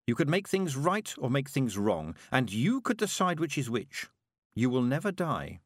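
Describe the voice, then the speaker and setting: A man's voice: mid-range voice, very animated, normal speed, no room sound, clean studio sound. A man voicing a sinister shape-shifting creature that speaks as a girl, coaxing and menacing.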